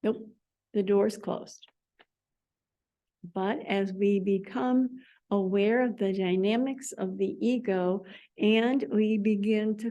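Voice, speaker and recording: Expressive woman leading a spiritual class. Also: medium pitch. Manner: animated, repeats words as sound effects. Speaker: class leader. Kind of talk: spiritual study class discussion.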